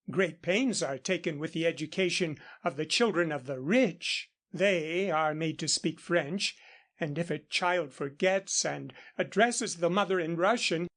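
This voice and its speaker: A man reading a classic novel aloud as an audiobook in a steady, even narration. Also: high voice. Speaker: audiobook reader. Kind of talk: scripted narration.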